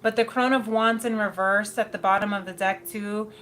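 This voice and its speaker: Woman, tarot reader, casual chatty delivery, frequent laughs, mid-pitched voice, faint background noise. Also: fairly even intonation, normal speed, fairly bright tone. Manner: chatty, laughs often, slips into quoted asides.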